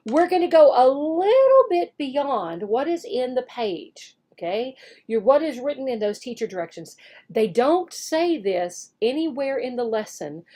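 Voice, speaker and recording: Woman teacher, high lively voice, slow, exaggerated modeling for young learners, upbeat praise. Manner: cheerful, encouraging praise. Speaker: online English teacher and recruiter. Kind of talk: demo lesson walkthrough for teachers.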